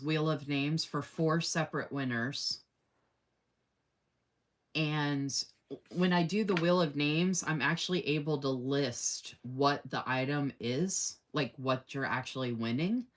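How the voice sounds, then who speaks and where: A woman with a low voice and a slow pace hosts a casual live stream where she's running a giveaway. She's chatty and effusive, laughs often, and reads viewer comments aloud.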